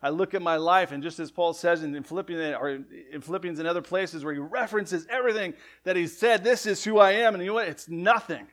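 Male pastor, sermon, fairly high voice, conversational, loud and soft swings. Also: fast, hardly any pauses. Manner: conversational, frequent "right?" asides and self-corrections; lively swings between loud emphatic and soft lines.

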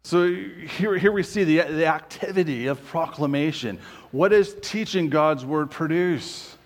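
A pastor delivering a sermon in a relaxed, conversational way, his voice sitting a little higher than most men's. He keeps checking in with his listeners through rhetorical questions. When he quotes scripture he slows down and reads each phrase deliberately. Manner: conversational preaching with frequent rhetorical "right?" questions.

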